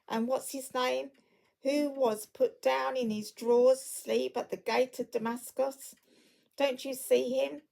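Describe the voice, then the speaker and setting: A woman voicing an elderly miserly man, excitable and near tears, exclaiming between laughing and crying. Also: medium pitch, normal speed, creaky, natural voice, poor audio. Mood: excited. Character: elderly man, miserly yet giddy and tearful.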